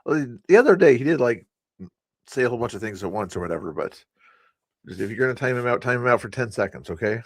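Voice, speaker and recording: A man's voice: mid-range voice, lively intonation, fast talker, no room sound. A man hosting a live stream, chatting casually about politics and his viewers in a rambling way, with many fillers and chuckles.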